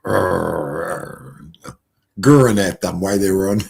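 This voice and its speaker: A man's voice: sits low, fast talker, a little mellow. A man, live-streaming and chatting casually in a rambling, folksy storytelling way.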